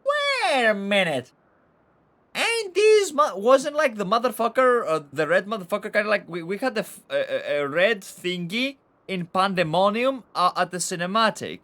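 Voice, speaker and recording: A man's voice: sits high, expressive, normal speed, few pauses, pushed and bright. A man giving boisterous, profane commentary while playing a game and reading its dialogue aloud. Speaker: gaming channel host. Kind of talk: casual let's-play commentary.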